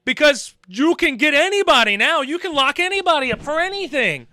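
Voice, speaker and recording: A man's voice: very high voice, sing-song, normal speed, hardly any pauses, pushed and bright, no room sound, clean studio sound. A man giving sarcastic, laughing commentary on a video he is reacting to.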